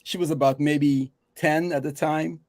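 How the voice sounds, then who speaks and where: A man with a Guyanese accent chatting about his experience, reflective and lively when he tells stories. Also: on the high side, a little slow, no echo. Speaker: guest. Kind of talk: casual chat, storytelling.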